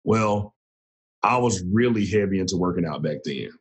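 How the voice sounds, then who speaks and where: A man in his thirties, a former Marine turned coach, telling his story in a relaxed, casual way with frequent laughs. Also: sits low, moderate pace. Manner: relaxed, laughs often, restarts sentences.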